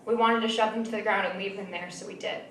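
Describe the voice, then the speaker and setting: A young woman reading her own short story aloud at a live event, in a measured, dry storytelling manner. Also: medium pitch, fairly even intonation, fairly bright tone, a little hiss or hum. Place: small venue. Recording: roomy, distant mic with faint ambience.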